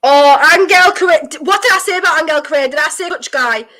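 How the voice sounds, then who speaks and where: A young woman talks to her stream viewers during a football match. Her voice sits high and sounds bright and forceful. She sounds elated and breathless, gushing over the players and thanking her chat. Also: fast. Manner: elated, breathless reactions to goals. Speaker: streamer hosting a football watchalong. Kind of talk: live football watchalong chat.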